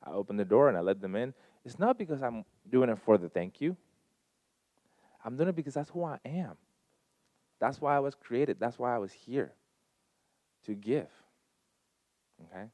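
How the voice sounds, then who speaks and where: An earnest man in his thirties shares a personal testimony, stacking short repeated phrases for emphasis. His voice sits at a middle pitch and is picked up dry and close on a handheld mic. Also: lively intonation, moderate pace, long pauses, darkish tone, dry recording. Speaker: guest speaker at a Sunday service.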